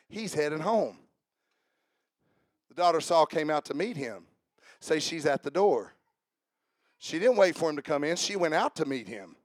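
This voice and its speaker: A man preaching a sermon in church, swinging between shouted exhortation and quiet joking asides. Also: fairly high pitch, no room sound, studio quality.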